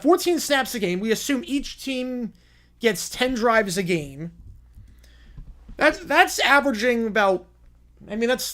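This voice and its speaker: A man's voice: very high voice, sharp tone. A man hosting a live stream, chatting casually and rambling, often repeating himself. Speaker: streamer host.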